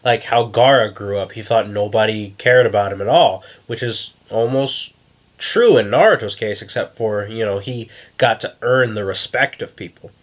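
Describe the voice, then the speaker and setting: A man's voice: lowish voice, moderate pace. A man with a stuffed-up nose hosting his channel, thinking aloud in casual commentary with frequent restarts. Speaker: YouTube host.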